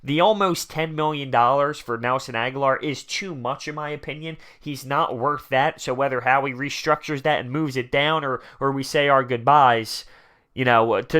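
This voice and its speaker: A man giving excited, emphatic fan commentary on his own sports channel, often repeating lines for effect. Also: mid-range voice, clear, resonant tone. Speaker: sports vlogger.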